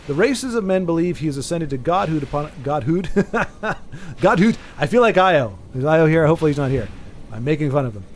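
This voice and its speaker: A man streaming a game and chatting casually, rambling with frequent restarts and sudden excited bursts. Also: on the high side, a little fast, slight background noise. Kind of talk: casual chat while gaming.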